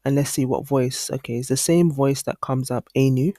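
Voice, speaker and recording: Man talking through a software tutorial. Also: medium pitch, steady tone, normal speed, no echo, studio quality. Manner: casual, thinking aloud with frequent ums. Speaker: online course instructor. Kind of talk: screen-recorded tutorial walkthrough.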